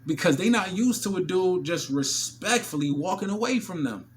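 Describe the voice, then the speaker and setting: A man's voice: high voice, lively intonation, normal speed, a little hiss or hum. A man, telling stories in a casual, slangy vlog monologue with many fillers, often acting out other people's voices. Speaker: vlogger.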